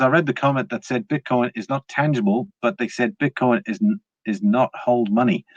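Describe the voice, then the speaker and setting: A British man chats through a live stream at an ordinary middle pitch. He reads viewer comments aloud and circles his points with plenty of fillers and false starts. The sound is dry and close, a little dull and lo-fi. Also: no echo. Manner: rambling, with frequent fillers and restarts.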